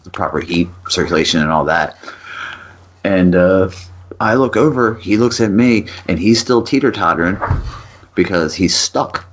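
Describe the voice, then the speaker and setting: A man co-hosting a podcast, telling an animated, swear-laced story in casual chat. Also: low-pitched, moderate pace, slight background noise. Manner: animated storyteller, swears, acts out voices in quotes. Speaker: podcast co-host. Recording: dull lo-fi podcast audio.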